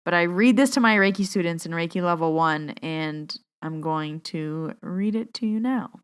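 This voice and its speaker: A woman's voice: lowish voice, moderate pace, smooth. A young adult woman hosting her own podcast, chatting openly and reading a guided meditation while fighting back tears. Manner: emotional, on the verge of tears. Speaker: podcast host and Reiki teacher. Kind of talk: casual chat and read guided meditation.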